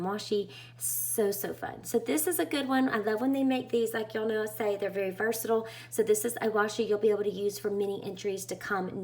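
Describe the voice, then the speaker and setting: Bubbly woman unboxing crafts. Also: mid-range voice. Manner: bubbly and gushing, with many fillers. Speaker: craft vlogger. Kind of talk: casual unboxing chat.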